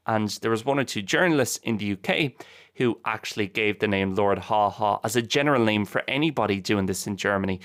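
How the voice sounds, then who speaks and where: A man's voice: fairly low pitch, a bit bright, clean tone. A man hosting a bilingual language podcast, casually repeating each point in two languages. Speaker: Irish language teacher and podcast host.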